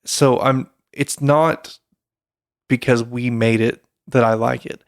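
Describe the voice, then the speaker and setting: A man's voice: mid-range voice, fairly even intonation, slow pace, no echo, studio quality. A man, co-hosting a casual podcast, rambling with fillers and restarts. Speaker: podcast co-host.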